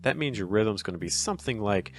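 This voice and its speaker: A man explaining poetic meter in a chatty, encouraging video lesson, acting out the stresses with exaggerated rises and falls in pitch. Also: expressive, fairly quick, soft background music. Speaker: poetry teacher.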